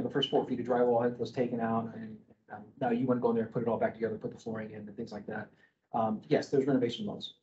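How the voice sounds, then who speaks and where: The speaker, a middle-aged man who works as a mortgage broker, addresses a group informally in a loud, mid-range voice. His talk rambles, full of restarts and fillers, punctuated by "okay?" checks. The highs are cut off in the recording.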